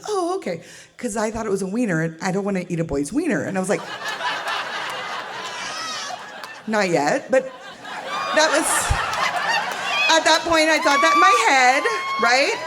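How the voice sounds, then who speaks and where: A woman's voice: mid-range voice, fairly bright tone, a little hiss or hum. A middle-aged woman from the Pacific Northwest, telling a comic true story on stage, chatty and laughing as she acts out the quotes. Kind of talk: live comedic storytelling.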